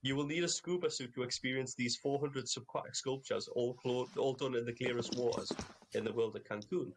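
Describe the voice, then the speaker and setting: A man on a comedy podcast, reading odd facts aloud and tossing in dry asides. His mid-pitched voice carries a faint hiss of noise behind it. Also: fairly even intonation, fairly quick. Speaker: podcast co-host. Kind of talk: casual comedic banter. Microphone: podcast mic in a live online session.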